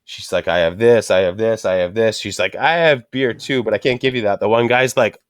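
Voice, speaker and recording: A man's voice: on the low side, a little fast, no room sound, clean studio sound. A middle-aged man telling a frustrated story in casual chat, swearing constantly and ranting. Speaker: podcast host.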